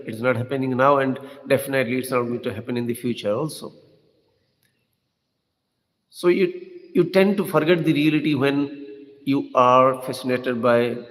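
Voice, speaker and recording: A man giving an unscripted spiritual discourse as a teacher, talking in a rambling, conversational way with rhetorical questions, a tag "hmm?" and soft chuckles. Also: medium pitch. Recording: long hall reverb.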